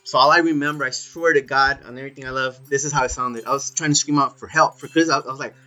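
A man's voice: medium pitch, fast. A man telling a story in casual chat, swearing freely and saying "dude" all the time. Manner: swears a lot, animated, says "dude" often.

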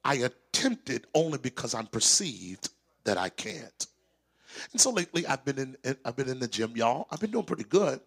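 A man telling a story in a sermon, starting low and quiet and building up loud and high. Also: big pitch swings, normal speed, vocal fry, husky. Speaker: preacher.

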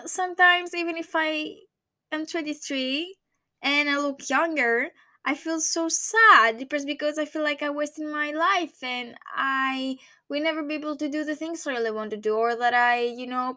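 A young woman in her twenties speaks with a Greek accent, and her voice sits high and sharp. She tells a personal story in a rambling, casual way and keeps searching for the right English words. The sound is dry and close, with no room echo. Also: normal speed. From Greece. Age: 20s. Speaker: vlogger.

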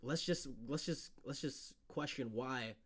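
A man's voice: mid-range voice, a little slow, fairly bright tone, slightly rough. A man co-hosting a casual podcast, reading news stories aloud and riffing on them with loose, profane talk. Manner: loose and profane, reads headlines then riffs. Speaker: podcast co-host.

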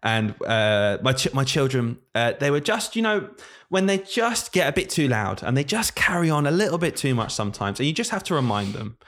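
Fast-talking man telling stories. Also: mid-range voice. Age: late 20s. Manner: animated storyteller, acts out pupils' voices. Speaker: primary school teacher and podcast host. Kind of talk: casual podcast chat.

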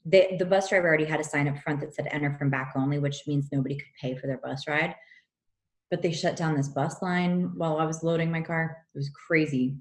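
A woman with a notably low, deep voice tells a story in a casual chat, animated and blunt, cursing without a second thought. Her voice rings in a roomy, echoey space. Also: fairly quick. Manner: animated, frank, swears freely. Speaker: podcast co-host telling a personal story. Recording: roomy echo.

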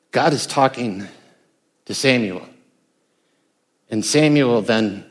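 An older American man, a pastor, preaching a conversational sermon with emphatic bursts. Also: mid-range voice. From United States.

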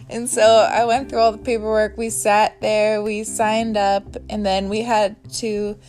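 A woman's voice: medium pitch, little pitch movement, normal speed, few pauses, a little mellow, faint music behind. A woman in her thirties hosting a casual podcast from her bedroom, talking in a chatty, candid way and swearing freely. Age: 30s. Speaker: podcast host. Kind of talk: casual chat.

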